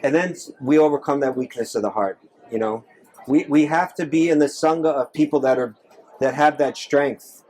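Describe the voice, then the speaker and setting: Man, monk at live Q&A, earnest, restarts often, mid pitch. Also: moderate pace, darkish tone, poor audio. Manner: earnest, repeats phrases, frequent restarts. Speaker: monk answering audience questions. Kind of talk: live Q&A talk. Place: temple hall with audience.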